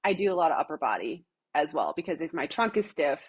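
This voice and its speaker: A middle-aged woman with a Wisconsin accent, chatting as a podcast guest, pausing often with fillers and restarting her sentences. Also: low voice, big pitch swings, slightly rough. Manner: many fillers and restarts, thoughtful. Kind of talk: casual interview chat.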